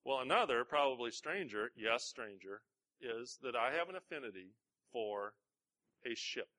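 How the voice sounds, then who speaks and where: A man, a pastor, preaching a conversational sermon, telling a personal story with self-deprecating humor and halting restarts. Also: mid-range voice, expressive, bright, forceful tone.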